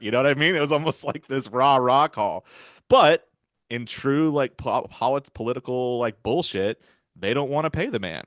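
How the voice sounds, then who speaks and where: A man's voice: mid-range voice, moderate pace, fairly bright tone, dry recording, studio quality. A man in casual podcast chat about a film, retelling scenes and acting out the characters' lines. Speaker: podcast guest.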